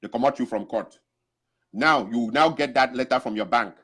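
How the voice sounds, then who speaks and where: A man at normal speed, medium pitch, fairly bright in tone and slightly rough, urges African men to change. The impassioned sermon-like talk features him mimicking others mid-story.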